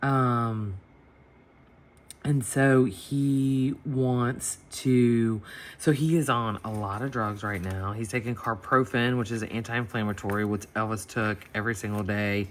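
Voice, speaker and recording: A woman's voice: rumbling low, unhurried. A woman vlogger chatting at her home desk, animatedly retelling an embarrassing story and acting out the people in it. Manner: chatty, animated retelling with quoted voices and laughter. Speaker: planner vlogger. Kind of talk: casual storytelling while planning. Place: home desk with dogs nearby.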